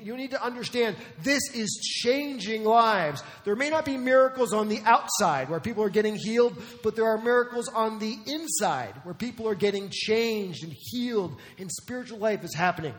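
A man's voice: high-pitched, animated, moderate pace, hardly any pauses, fairly bright tone, in a large hall. A man preaching a sermon as pastor, emphatic and conversational, asking the crowd rhetorical questions.

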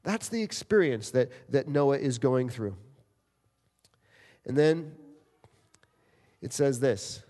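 A man's voice: mid-range voice, a little slow. A middle-aged man from New Jersey preaching a sermon in a church, joking with the congregation and acting out prayers. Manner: animated preacher, acts out quoted prayers, jokes with congregation. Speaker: pastor. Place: church sanctuary. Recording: long reverb in a large hall.

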